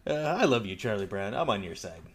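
A man co-hosting a casual podcast chat, animated, swearing freely and laughing a lot. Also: fairly low pitch, a little fast, a little hiss or hum. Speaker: podcast co-host.

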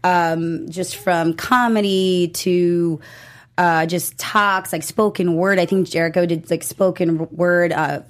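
A woman with a fairly low voice chats in a casual interview. She tells stories in an animated way, full of fillers. She sounds like she is in her thirties. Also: slow. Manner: chatty, animated storyteller, many fillers. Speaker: interview guest, wrestler.

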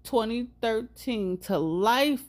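A woman co-hosting a podcast in casual chat, reacting quickly with lively slang. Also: fairly high pitch. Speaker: podcast co-host.

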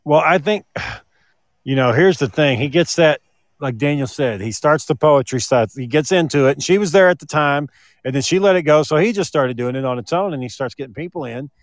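A man's voice: on the high side, brisk, no room sound, studio quality. A man co-hosting a podcast, telling stories in casual chat and swearing freely. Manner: swearing, lively storytelling. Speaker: podcast co-host.

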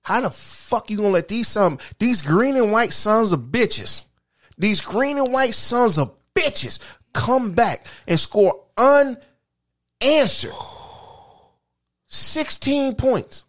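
A man's voice: sits high, big pitch swings, a little slow, fairly bright tone. A man goes on a profane, heated sports rant. He co-hosts a podcast in loose, crude chat, swearing hard as he builds his case. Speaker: podcast co-host.

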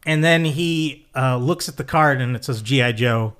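A man's voice: mid-range voice, normal speed, a bit bright, clean tone. A man hosting a casual podcast chat, laughing often and acting out movie scenes in put-on voices. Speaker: podcast host.

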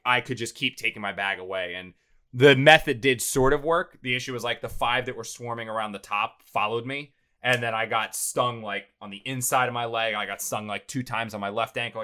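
Bright-voiced man telling a story. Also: medium pitch. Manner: animated, rambling, many fillers and restarts. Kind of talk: casual storytelling.

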